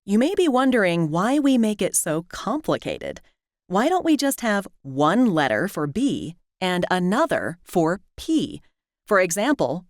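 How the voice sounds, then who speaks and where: A woman narrating a scripted lesson, clearly and deliberately, stretching out the example words. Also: fairly low pitch, dry recording, clean studio sound. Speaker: language teacher.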